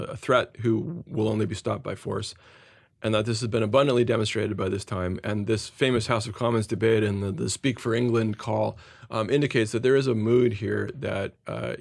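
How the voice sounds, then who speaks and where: A middle-aged man, a historian guest, explaining at length in a measured way, often repeating words as he thinks. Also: lowish voice, vocal fry, no room sound, clean studio sound. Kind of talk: explanatory interview answers.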